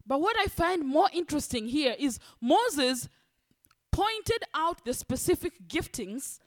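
A woman preaching a sermon, animated, acting out the voices of church members. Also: sits high, slow. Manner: animated, acts out congregants' voices.

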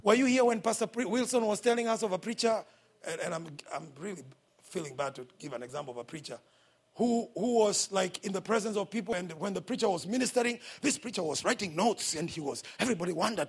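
A man with a Kenyan accent, preaching a sermon as pastor at a church service, swinging between hushed asides and shouted points. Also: sits high, animated, fast talker, slightly rough.

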